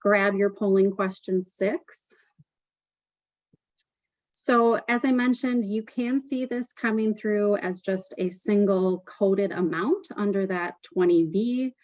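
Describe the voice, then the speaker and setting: A woman's voice: mid-range voice, slow, darkish tone, no echo. Woman, webinar presenter, explanatory, dry dull lo-fi audio. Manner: explanatory, frequent "um" fillers.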